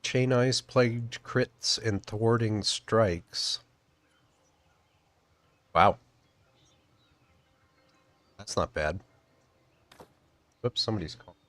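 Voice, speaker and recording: A man's voice: lowish voice, drawn-out words, pauses often. A man casually commenting on his own gameplay, thinking aloud as he plays. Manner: relaxed, thinking aloud while playing. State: chewing food. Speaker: game streamer.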